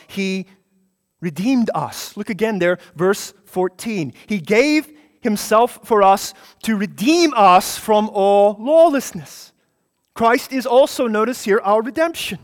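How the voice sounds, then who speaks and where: A man's voice: sits high, a little slow. A man preaching a sermon, emphatic, repeating phrases for stress and building to passionate peaks. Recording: long hall reverb.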